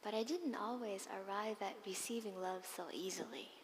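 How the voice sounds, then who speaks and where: Woman, Buddhist nun, dharma talk, expressive storytelling, breathy asides, long hall reverb, mid pitch. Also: normal speed, a little hiss or hum. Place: monastery meditation hall.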